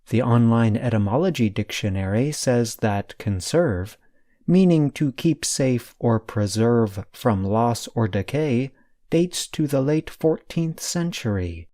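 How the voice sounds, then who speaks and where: A man reading a scripted vocabulary lesson as the podcast's teacher, explaining each point carefully and deliberately. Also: medium pitch, dark tone, dry recording, studio quality.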